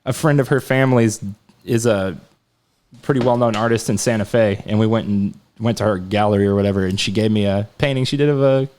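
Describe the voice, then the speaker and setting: A man's voice: lowish voice, a little fast, darkish tone, slight background noise. Profane man telling loose stories. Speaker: podcast co-host. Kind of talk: casual chat.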